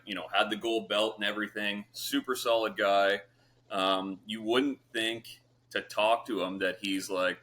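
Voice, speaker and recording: A man's voice: fairly low pitch, slight background noise. Easygoing man spinning a war story. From Canada. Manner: relaxed, swears often, lots of fillers. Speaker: podcast guest. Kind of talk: casual storytelling.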